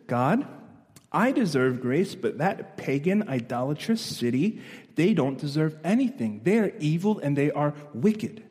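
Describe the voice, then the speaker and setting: A man voicing a self-righteous prophet who argues with God in a low, grudging tone, heard with a long hall echo. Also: very animated, unhurried, darkish tone.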